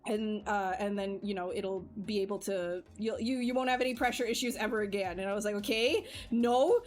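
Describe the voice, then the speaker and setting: A woman livestreaming, telling a personal story in casual chat, animated and laughing often, with many fillers. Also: medium pitch, fast, faint music behind. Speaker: livestream artist. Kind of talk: casual chat while streaming.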